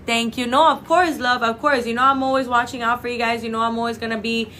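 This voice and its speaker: A young woman hosting a clinic's live stream from its office on a phone, chatting warmly with viewers and calling them babe and girl. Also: a little high, steady tone, quick pace, a little hiss or hum. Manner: gushing, affectionate, calls viewers babe and girl. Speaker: clinic livestream host.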